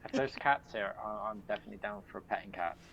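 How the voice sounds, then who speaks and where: A man's voice: lowish voice, fast talker, creaky, a bit bright, muffled recording, slight background noise. A man playing in a tabletop game, with wry, casual remarks. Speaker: player.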